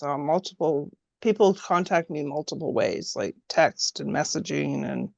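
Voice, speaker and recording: A woman's voice: low voice, normal speed, creaky, hardly any pauses, no echo, muffled recording. A woman taking part in an online workshop over a video call, speaking candidly and a little apologetically. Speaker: workshop participant. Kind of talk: casual call talk.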